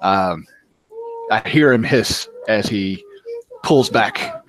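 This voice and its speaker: A man describing his character's moves in a tabletop role-playing game, pausing often with hesitant fillers. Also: fairly low pitch, huge pitch swings, a bit bright. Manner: halting, many ums. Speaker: player.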